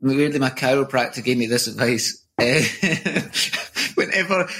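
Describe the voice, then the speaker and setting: A Scottish comedian chatting casually over a video call, rambling and self-deprecating, laughing often. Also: male voice, medium pitch, expressive, unhurried, a bit bright. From Scotland. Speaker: comedian guest. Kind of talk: casual chat.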